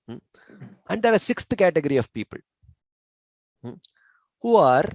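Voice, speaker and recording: A man's voice: fairly high pitch, sing-song, a little mellow, no echo, rough recording. Male scripture teacher, patient and explanatory, dry close sound, lots of "you know" and "uh". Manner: measured, explanatory, many fillers. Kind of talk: informal discussion.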